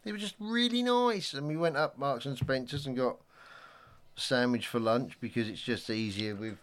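A man's voice: medium pitch, moderate pace, fairly bright tone. A man telling a rambling anecdote in casual chat, often acting out what people said. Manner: chatty anecdote-teller, slips into quoted voices.

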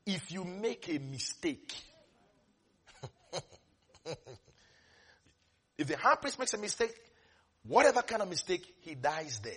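A man preaching a sermon, animated, breaking into shouts and laughs between hushed asides. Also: on the high side, slightly rough.

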